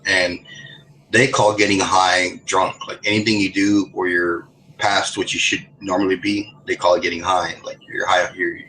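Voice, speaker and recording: A man's voice: low voice, flat delivery, normal speed, bright, forceful tone, slight background noise, poor audio. A man chatting casually in an online voice lobby, rambling through stories with many restarts. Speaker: voice chat participant.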